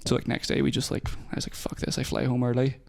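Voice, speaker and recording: A young man tells a story at a fast clip in loose, casual podcast chat. His speech is packed with "like" fillers and swearing, and his pitch sits in a middle range. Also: flat delivery, creaky, darkish tone, soft background music. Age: young adult.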